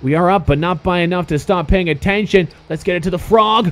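A young man commentating his own basketball video game, excitable and swearing, shouting at the players. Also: high-pitched, a little fast, few pauses. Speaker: gaming host. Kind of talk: gameplay commentary. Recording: faint music behind.

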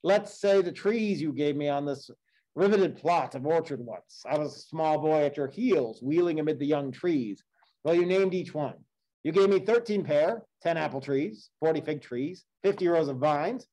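A man reading as Odysseus, steady warrior king. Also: a little high, normal speed, lightly acted, poor audio. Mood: earnest. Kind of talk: read-aloud epic poem dialogue.

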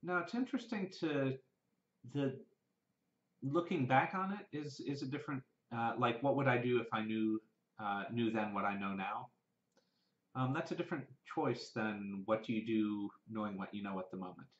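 A man's voice: mid-range voice, moderate pace. Rambling Southern man in a roomy space. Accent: Southern American. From American South. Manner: rambling, with many restarts and fillers. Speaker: vlogger. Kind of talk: casual thinking-aloud monologue. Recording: roomy and dull, lo-fi.

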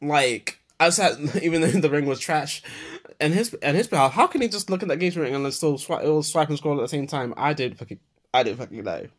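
A man's voice: fairly high pitch, expressive, quick pace. A young man, hosting a podcast in an unscripted voicenote monologue, swearing freely and rambling through a rant full of fillers. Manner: profane, meandering rant with many fillers. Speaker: podcast host.

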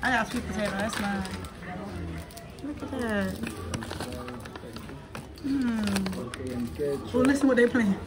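A woman's voice: a little high, moderate pace, pauses often, over music. A woman vlogging casually on a handheld phone, chatting to viewers and calling them "y'all". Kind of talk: casual travel vlog chat.

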